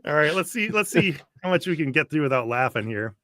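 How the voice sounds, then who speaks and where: A man hosting a casual reaction chat, talking in an animated, sarcastic way and laughing often. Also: a little high, brisk. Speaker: host.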